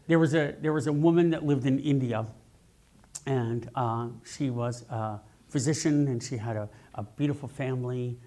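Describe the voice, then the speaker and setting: A man minister giving a sermon, telling stories in an animated, jokey way, speaking into a mic in a church sanctuary. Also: mid-range voice. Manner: animated, jokey storytelling preacher.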